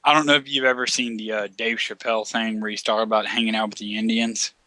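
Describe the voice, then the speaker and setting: A man's voice: fairly low pitch, flat delivery, fast, pushed and bright, no echo. A man telling a long, profane anecdote in casual chat, laughing often as he goes.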